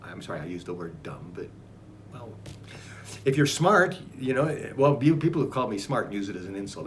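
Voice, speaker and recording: A man reading and commenting on his own book in a casual, rambling way, sometimes getting emotional and dropping into soft, breathy asides. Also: mid-range voice, sing-song, normal speed, a little hiss or hum. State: choked up at times.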